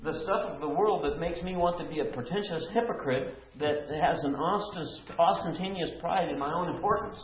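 A man's voice: on the high side, normal speed, few pauses. A man leading a Bible study group, teaching emphatically and putting questions to the people around him. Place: room with a small group. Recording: echoey room, lo-fi.

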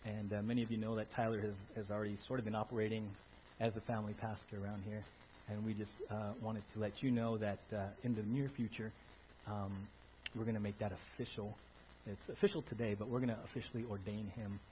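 A pastor addresses his congregation with animated energy, stopping and restarting with frequent fillers. The recording is dull and lo-fi, with a faint hum under his voice. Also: fairly low pitch, fast. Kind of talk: church announcement. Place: church sanctuary.

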